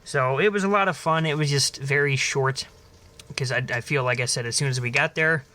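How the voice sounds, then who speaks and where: A man's voice: mid-range voice, a little fast. A man co-hosting a casual podcast, telling stories with lots of swearing and acted-out voices. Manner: animated storyteller, swears freely, acts out voices in anecdotes. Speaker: podcast co-host. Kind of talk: casual chat.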